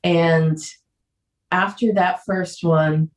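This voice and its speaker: Low-voiced woman telling her story. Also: fairly even intonation, distant mic. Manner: earnest, emotional, halting at times. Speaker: podcast guest. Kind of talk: candid personal storytelling. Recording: roomy echo.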